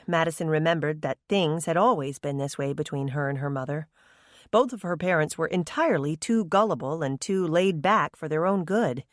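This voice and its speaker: A woman narrating a novel in an audiobook with expressive storytelling. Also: low-pitched, no room sound, studio quality. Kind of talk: scripted narration.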